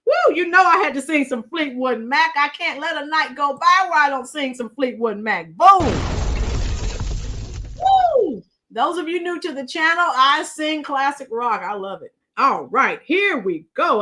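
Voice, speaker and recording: A middle-aged woman with a high, bright voice hosts a casual livestream. She chats with her viewers and greets them as they arrive. Her voice is a little strained from shouting earlier. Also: expressive, normal speed, hardly any pauses. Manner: chatty, greets commenters, breaks into song. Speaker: livestream host.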